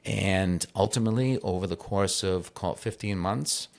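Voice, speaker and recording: Man, middle-aged, very low voice, casual interview, playful chatty asides. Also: normal speed, creaky, a little mellow. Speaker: podcast conversation partner.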